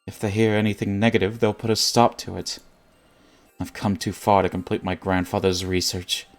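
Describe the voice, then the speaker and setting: A man voicing a scheming, ambitious young woman researcher, reading game dialogue aloud in a low, even voice. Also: moderate pace, faint music behind, close to an everyday voice. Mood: brooding.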